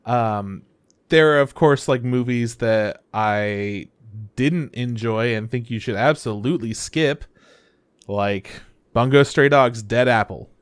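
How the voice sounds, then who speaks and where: A man's voice: medium pitch, slow, clean tone, dry recording. Man, podcast co-host, casual chat, blunt, opinionated, acts out quotes, dry close sound.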